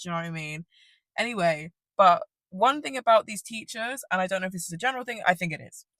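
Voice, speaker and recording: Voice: medium pitch, a bit bright, no echo. A young adult telling a casual, rambling storytime rant, swearing freely and laughing often. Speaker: vlogger.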